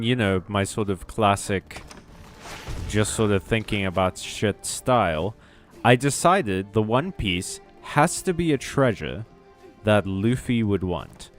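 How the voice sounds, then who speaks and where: A man streaming a video game, chatting casually in a rambling, self-deprecating way and swearing freely. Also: mid-range voice. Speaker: VTuber streamer. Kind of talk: casual gaming stream chat.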